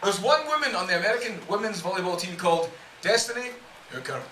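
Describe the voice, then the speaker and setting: A man performing stand-up in a comedy club. His voice is very high and swings widely in pitch as he lands crude, playful punchlines. The sound is roomy and picked up from a distance. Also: lively intonation, quick pace, background noise. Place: comedy club room with a live audience. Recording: echoey club audio, mic from a distance.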